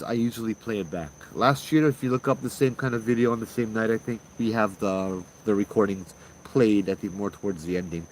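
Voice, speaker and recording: A man's voice: medium pitch, a little hiss or hum, low-quality recording. A man telling a ghost story in a rambling, casual way on a livestream. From Hawaii. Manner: rambling, with many restarts.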